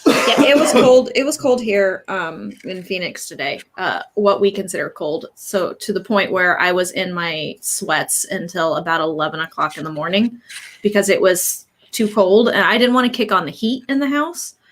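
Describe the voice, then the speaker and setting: A woman's voice: on the low side, animated, moderate pace. A woman from Indiana chatting casually with a cohost on a livestream, laughing often, on a new microphone. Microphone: new desk microphone.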